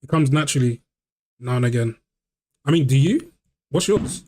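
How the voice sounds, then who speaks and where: A man's voice: mid-range voice, lively intonation, normal speed, warm tone. A male streamer, chatting casually and playfully with a friend on stream. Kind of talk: casual chat.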